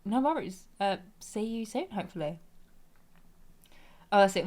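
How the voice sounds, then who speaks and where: A woman's voice: medium pitch, lively intonation, moderate pace, long pauses, a little mellow. A woman, streaming a game and chatting in a giggly, rambling way. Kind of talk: casual gameplay commentary.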